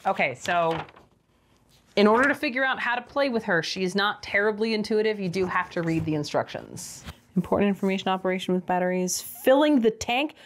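A young adult woman giving a casual toy review, with sarcastic, exasperated asides. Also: medium pitch.

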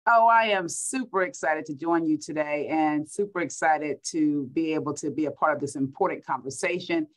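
A middle-aged Texas woman with a low voice and a Texan accent gives an upbeat keynote over a video call at a moderate pace. She's a school superintendent and repeats words for emphasis. The recording is rough.

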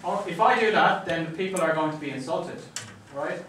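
Male lecturer, conversational, slightly high-pitched, recorded from afar in a roomy classroom with faint hiss. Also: brisk, fairly bright tone. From Ireland. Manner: conversational, checks in with "right?" often. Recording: echoey classroom, mic at a distance.

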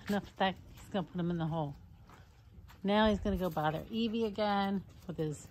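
A woman who runs a fox rescue, chatting casually to her foxes outdoors in cooing baby talk, with soft asides in between. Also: medium pitch, lively intonation, brisk, slight background noise. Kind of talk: casual vlog talking to pet foxes.

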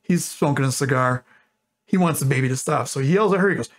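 A man's voice: on the high side, fairly quick, fairly bright tone, husky. A man in his twenties casually telling a long joke, rambling and correcting himself as he goes. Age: 20s. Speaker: YouTuber.

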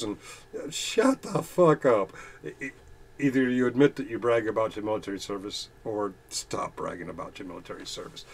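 A man reading chat comments aloud on his channel, mocking commenters with profanity and frequent laughs, swinging between loud bursts and muttering. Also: on the low side, animated, a little fast, breathy edge.

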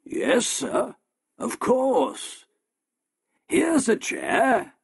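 A man's voice: very high-pitched, very animated, very slow, creaky, husky, voice pushed up, heavily acted. A man voicing a pushy, fawning male showman shopkeeper in an eager, salesy way.

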